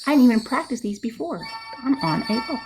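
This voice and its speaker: Over background music, a woman talks fast in a slightly high, sing-song voice. She's a math teacher thinking aloud through probability problems step by step, chatty and correcting herself as she goes.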